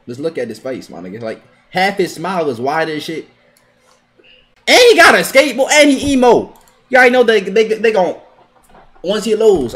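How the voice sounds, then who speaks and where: A young man giving live gameplay commentary, trash-talking his opponents with heavy profanity and sudden bursts of yelling. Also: on the high side. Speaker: gaming video creator.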